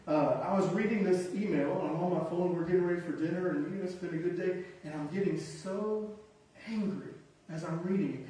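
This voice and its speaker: A man's voice: high voice, a little mellow. A man preaching a sermon, emphatic and conversational, with self-deprecating asides and punchy one-word lists. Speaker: pastor. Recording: echoey hall from far off.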